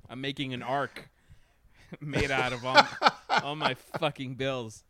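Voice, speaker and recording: A man's voice: mid-range voice, very animated, extremely slow, crowd noise. A man co-hosting a podcast, bantering casually, joking, rambling and laughing often. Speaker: podcast co-host.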